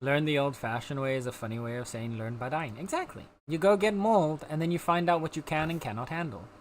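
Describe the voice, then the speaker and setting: A man's voice: on the high side, quick pace, a little hiss or hum. A man livestreaming a game, chatting casually and reassuring his viewers as he answers their chat. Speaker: game streamer.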